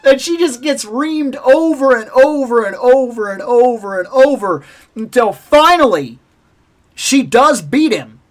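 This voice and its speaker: An expressive woman hosts a casual vlog, storytelling with passion and strong opinions. Her fairly high voice swings widely up and down as she acts out game noises and quotes. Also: measured pace. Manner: passionate, opinionated about games. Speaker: toy collecting channel host.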